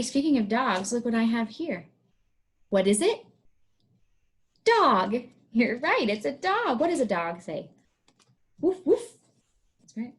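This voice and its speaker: Slow sing-song woman teacher. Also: a little high. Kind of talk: teaching demonstration for young students.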